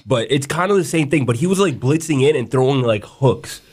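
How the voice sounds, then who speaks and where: Male podcast co-host, mid pitch, loose and excitable, casual cursing. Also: a little fast, husky. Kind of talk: casual chat.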